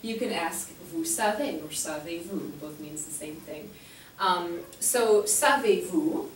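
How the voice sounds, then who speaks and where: A woman's voice: fairly low pitch, animated, slow, a little hiss or hum. A woman teaching a French class, patiently explaining and spelling out words letter by letter. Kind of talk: classroom instruction. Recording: echoey classroom heard from a distance.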